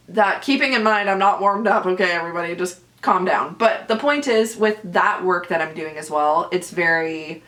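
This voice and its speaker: A woman's voice: on the low side, fairly bright tone. A woman with a Canadian accent, a podcast host and stage actress, talking casually and animatedly on her own, self-deprecating and full of fillers. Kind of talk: casual solo chat.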